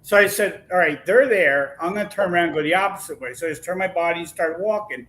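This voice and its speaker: Animated storytelling man, bright voice. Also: high-pitched, fast talker, poor audio. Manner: animated, acts out quoted voices. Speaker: podcast guest. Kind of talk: casual storytelling.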